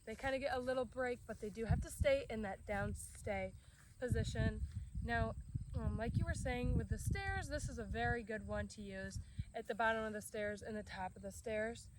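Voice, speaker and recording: A woman dog trainer explaining commands outdoors in a relaxed way, breaking off to give short commands to her dog. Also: a little high, normal speed. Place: outdoors in a grassy yard. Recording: outdoor recording with crickets and background noise.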